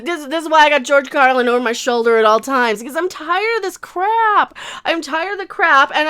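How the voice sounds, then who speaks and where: A woman's voice: high voice, pushed and bright. A woman YouTuber ranting in a commentary vlog, sarcastic and crude, often repeating herself.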